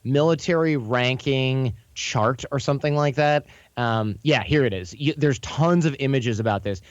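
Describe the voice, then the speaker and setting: A man as a podcast guest, explaining casually in a quick, anecdotal way and often correcting himself mid-sentence. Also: mid-range voice, dry recording, muffled recording. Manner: quick, chatty, anecdotal, frequent self-corrections. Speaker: podcast guest, charm coach.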